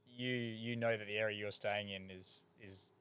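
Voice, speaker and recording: Aussie guy in a relaxed podcast chat, lowish voice, keeps saying yeah. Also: normal speed, smooth. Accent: Australian. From Australia. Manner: chatty, agreeable, backchannels a lot. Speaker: podcast co-host or guest.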